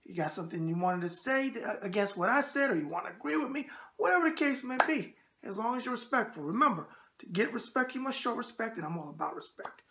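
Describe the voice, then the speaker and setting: A man's voice: high voice, big pitch swings, fast, gravelly, few pauses, pushed and bright, slight background noise. A man with a New York accent hosting a casual boxing video show, chatty and emphatic, full of tough-guy catchphrases. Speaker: host.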